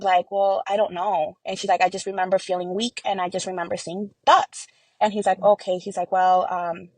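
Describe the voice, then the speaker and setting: A woman's voice: fairly low pitch, darkish tone, no echo, rough recording. A young adult woman giving an earnest personal account in an interview, full of fillers and quoted dialogue. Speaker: interview guest.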